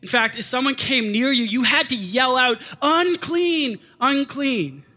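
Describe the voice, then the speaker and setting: A man preaching in a high, bright voice, talking casually and acting out little quoted bits as he goes. His words ring out through a church hall with a long echo. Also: normal speed. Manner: conversational, animated preaching with acted-out quotes. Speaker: pastor. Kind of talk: sermon.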